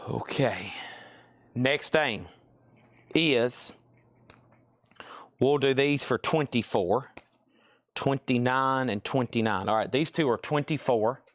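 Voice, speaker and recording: A man hosting a live record sale, calling out titles and prices one after another in a brisk, casual patter. His voice sits at an ordinary middle pitch. The sound is dry and close, with little room around it. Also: no echo. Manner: brisk, rattling off prices and buyer names.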